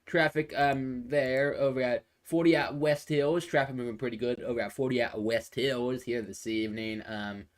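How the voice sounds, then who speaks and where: A man's voice: medium pitch, steady tone, normal speed, few pauses. Rambling man calling traffic on a phone. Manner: rambling, repetitive, with frequent fillers and restarts. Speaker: amateur weather and traffic presenter. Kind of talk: casual live traffic and weather commentary.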